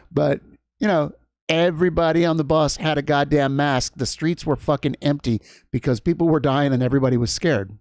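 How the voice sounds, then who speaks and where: A man's voice: fairly high pitch, normal speed, a little mellow, dry recording, studio quality. A man hosting a livestream, telling a long story in a casual, rambling way with many restarts and asides. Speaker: livestream host. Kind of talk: casual chat.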